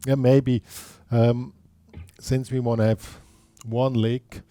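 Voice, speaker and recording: Slow, mellow-voiced male guitar teacher. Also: medium pitch, level tone, dry recording. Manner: patient, explaining step by step and counting beats aloud. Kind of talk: guitar lesson.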